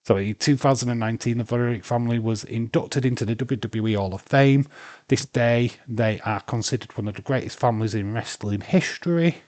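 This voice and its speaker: A man's voice: mid-range voice, fairly quick, darkish tone, no echo. A man hosting a casual livestream, arguing playfully with chat viewers and laughing often. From Britain. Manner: bantering, argumentative, laughs often. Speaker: livestream host.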